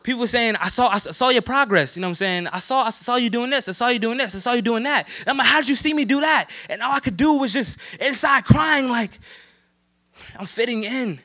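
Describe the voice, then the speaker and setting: A man's voice: very high voice, quick pace, few pauses, bright, forceful tone. Young man from New Jersey giving testimony. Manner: casual street slang, many fillers like "you know what I'm saying". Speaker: church youth member giving testimony. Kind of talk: personal testimony.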